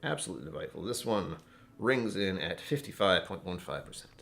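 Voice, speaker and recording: A man's voice: low voice, very animated, fairly quick, gravelly, fairly bright tone. A man hosting a casual whiskey tasting live stream from home, rambling and joking as he chats with viewers. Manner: rambling, joking, self-interrupting. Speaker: whiskey channel host.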